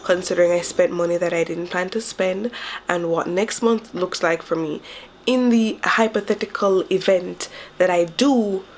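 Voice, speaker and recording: A young woman talks into her own camera at home by a window, keeping a casual sick-day video diary. Her voice sits low and gravelly, stuffy and a little raspy from illness. She vents frankly, with some faint ambient hiss behind her. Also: normal speed. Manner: frank and exasperated, venting. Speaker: vlogger.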